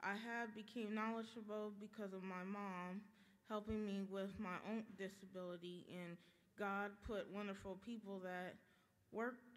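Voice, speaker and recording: A young woman from Ohio reads a prepared speech at a public event. Her voice sits at a middle pitch, and her delivery is careful and measured. The sound rings out in a long, echoing hall. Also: steady tone. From Ohio, USA. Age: young adult. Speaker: self-advocate speaker. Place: large stone atrium. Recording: long echo of a large hall.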